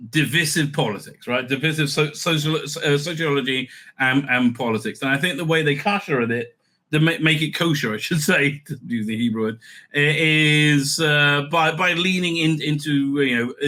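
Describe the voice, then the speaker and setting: Man, opinionated review vlog, bright forceful tone, slightly raised pitch, halting fillers. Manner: animated, many fillers and restarts; sarcastic asides with laughs. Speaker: show host and reviewer.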